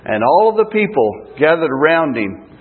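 A man preaching a sermon, slow and emphatic with dramatic pauses. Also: a little high, sing-song, slightly rough. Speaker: street preacher. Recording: tinny phone-like lo-fi sound.

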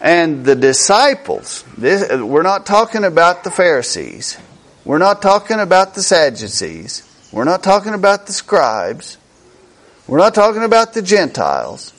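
A man preaching a sermon slowly and emphatically, repeating key words for effect. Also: high voice, very animated, fairly bright tone.

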